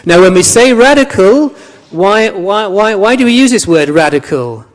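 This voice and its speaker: A man's voice: high-pitched, lively intonation, normal speed. A man teaching a class, chatty, repeating words and asking the students questions. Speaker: language lecturer. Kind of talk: classroom lecture. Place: lecture room. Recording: long reverb of a lecture hall.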